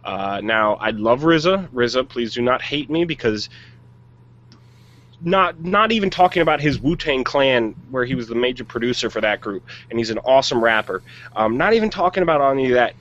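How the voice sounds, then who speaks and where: A man's voice: medium pitch, animated, brisk, fairly bright tone, muffled recording. A man co-hosting a podcast, chatting casually and giving blunt, jokey opinions on movies. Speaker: podcast co-host. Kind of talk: casual chat.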